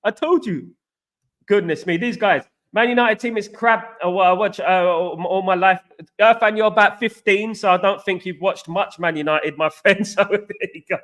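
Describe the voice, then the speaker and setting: A man with a fairly high voice hosts a football live stream. He rants with passion and repeats his points while he works through viewer comments. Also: normal speed, a bit bright. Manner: passionate, repetitive ranting. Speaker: football channel host.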